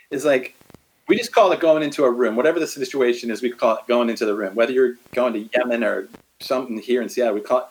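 A middle-aged man in a casual faith conversation, animated, acting out quotes as he tells stories. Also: medium pitch, poor audio.

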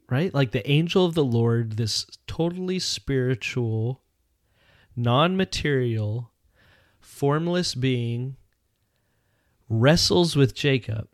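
A man's voice: medium pitch, darkish tone, dry recording. Man, podcast co-host, earnest, restarts a lot, dry close sound. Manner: earnest, thinks aloud with many restarts and asides. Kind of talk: casual faith discussion.

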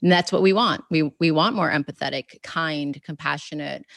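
A low-pitched woman with a gravelly edge to her voice, speaking in a relaxed, reflective interview tone. She circles back and restarts her thoughts often, full of "you know" and "like". The sound is close and dry, with no room around it. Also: moderate pace, no echo. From New York. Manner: warm, reflective, many fillers and restarts. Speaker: guest author and educator. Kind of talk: casual interview conversation.

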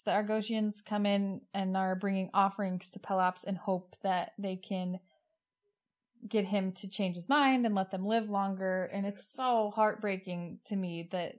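A woman co-hosting a podcast, earnestly retelling an episode's plot in a casual chat. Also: mid-range voice. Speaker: podcast co-host.

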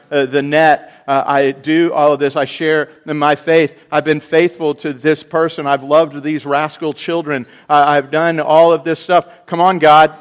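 A male pastor voicing an indignant churchgoer man who loudly pleads with God and lists his good deeds, speaking in a middle-pitched voice. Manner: loud, pleading, aggrieved.

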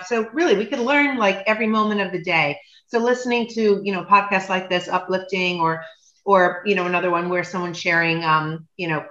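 A woman's voice: mid-range voice, a bit bright. A woman talking casually as a podcast guest, chatty and full of fillers. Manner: chatty, many fillers and restarts. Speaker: guest, cooking event business owner. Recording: roomy, dull lo-fi sound.

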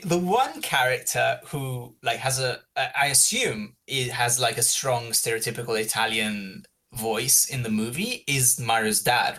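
Male podcast co-host, mid pitch, very lively melody, relaxed casual chat. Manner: lively, animated storytelling.

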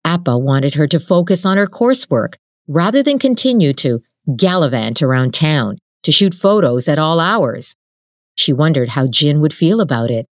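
Woman, host, calm storyteller, low voice, animated pitch. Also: moderate pace, no echo, studio quality. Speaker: podcast host and reader. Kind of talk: scripted narration.

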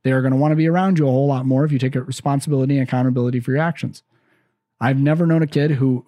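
A man's voice: mid-range voice, warm tone, no echo, clean studio sound. A man hosting a parenting podcast, giving earnest advice in a casual, conversational way and often restarting his phrases. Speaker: parenting podcast host and counselor.

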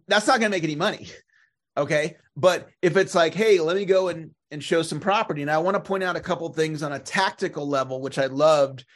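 A man co-hosting a sales podcast, speaking in a measured, reflective way with a few fillers. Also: a little high, a bit bright. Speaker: sales trainer, co-host. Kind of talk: podcast conversation.

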